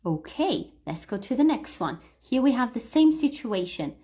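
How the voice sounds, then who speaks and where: A woman's voice: a little high, big pitch swings, normal speed, dark tone. A woman teaching English pronunciation on a livestream, patiently explaining and modelling words for learners to repeat. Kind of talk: livestream read-aloud lesson.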